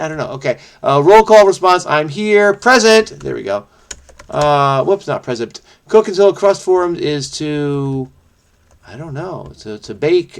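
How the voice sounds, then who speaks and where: A man thinking aloud as he solves a crossword, muttering to himself with many fillers and self-corrections, quick bursts between slower musing. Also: on the high side. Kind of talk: thinking aloud while solving.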